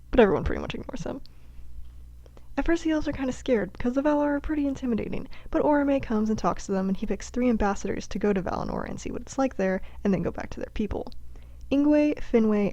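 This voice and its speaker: Narrator, female, with gravelly fry, mellow tone, breezy and jokey delivery. The audio is dull and dry. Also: fairly high pitch, fast talker, dry recording. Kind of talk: casual comedic story retelling.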